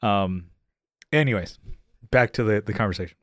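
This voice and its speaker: A man's voice: lowish voice, normal speed, dry recording, studio quality. A man co-hosting a podcast in casual chat, retelling stories and acting out the quotes in raised voices. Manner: animated storyteller, acts out quotes in raised voices. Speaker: podcast co-host.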